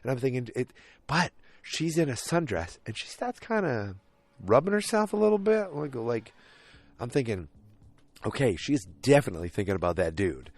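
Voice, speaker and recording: A man's voice: mid-range voice, animated, normal speed, no room sound. A man hosting a podcast, recapping an episode casually with rambling asides, many fillers and restarts, acting out the characters' lines as he goes. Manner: rambling, retells scenes in quoted voices, many fillers and restarts. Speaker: podcast host.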